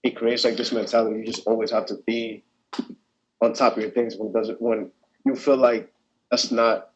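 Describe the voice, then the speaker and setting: A young man on a video call, talking as a student panelist in a casual discussion. His voice sits fairly low. He circles his points with restarts and fillers. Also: level tone, normal speed, dull audio, a little hiss or hum. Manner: hesitant, many restarts and fillers.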